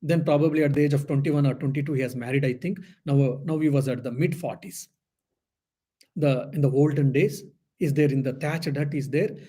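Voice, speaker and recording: Husky, mellow-voiced monk telling a story. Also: male voice, fairly high pitch. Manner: unhurried storytelling, repeating phrases. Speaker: monk teaching scripture. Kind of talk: spiritual lecture.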